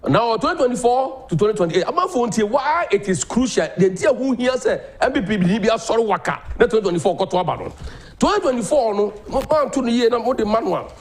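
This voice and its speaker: A Ghanaian man hosting a political talk show, delivering animated commentary that mixes Twi and English. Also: very high-pitched, fast. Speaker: host.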